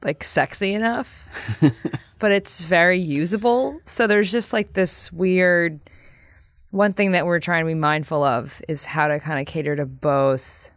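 A woman's voice: on the low side, a little slow, no echo, studio quality. A woman designer in a casual chat who talks freely and laughs often.

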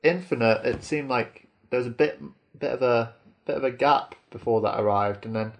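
A man's voice: medium pitch, moderate pace. A man co-hosting a casual chat, talking hesitantly with trailing phrases. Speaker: podcast co-host.

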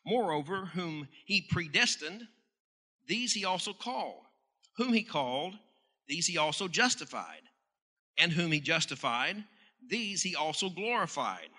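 A man's voice: a little high, sing-song, normal speed, sharp tone. A male pastor preaching a sermon, stressing questions hard and often restarting his words. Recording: hall reverb.

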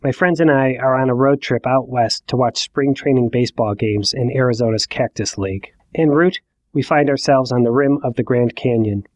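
A man in his forties telling a personal story in the first person, with wry, self-mocking, deadpan asides. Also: medium pitch, normal speed, dry recording. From Ohio. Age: 40s. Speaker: narrator.

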